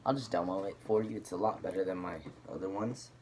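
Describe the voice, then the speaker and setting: A man's voice: deep voice, fast, a little mellow, a little hiss or hum. A man casually showing off and explaining a homemade gadget, rambling with lots of filler words. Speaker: hobbyist demonstrating a homemade gadget. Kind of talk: casual show-and-tell video.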